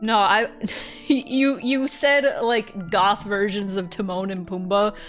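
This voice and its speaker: A woman's voice: mid-range voice, fairly even intonation, slow, faint music behind. A woman streamer chatting casually and rambling, giggling often and swearing freely while playing a game.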